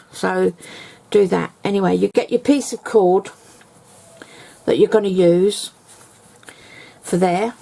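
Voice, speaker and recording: Chatty woman with a gravelly voice. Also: mid-range voice, a little mellow. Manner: chatty, rambling, step-by-step explaining. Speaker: craft tutor. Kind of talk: casual craft tutorial.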